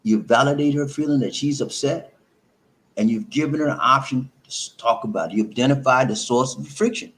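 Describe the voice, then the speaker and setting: A man's voice: mid-range voice, brisk, fairly bright tone. A man giving relationship advice in an emphatic, preachy monologue, repeating himself and calling listeners "man".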